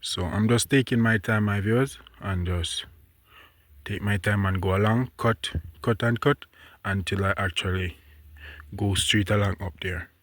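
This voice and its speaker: A man talks outdoors on his hillside farm, his voice a touch stuffy. He pitches it fairly low and speaks in a relaxed, chatty way, addressing his viewers directly as he shows them around. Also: a little slow, no echo. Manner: talks to viewers as he walks and points things out. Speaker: farming vlogger. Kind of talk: casual farm vlog narration.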